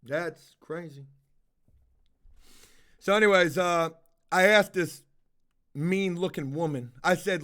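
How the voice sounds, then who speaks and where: A man's voice: high voice, a little slow, pauses often. A man hosting a livestream, telling a rambling story in a casual, profane way and acting out both sides of the dialogue. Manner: profane, animated, acts out dialogue. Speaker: livestream host.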